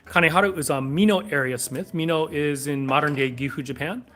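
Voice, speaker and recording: This man's voice sits on the high side and moves briskly. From a back room, he hosts a sword shop livestream, chatting casually and answering viewer questions in a relaxed, rambling way as chat comes in.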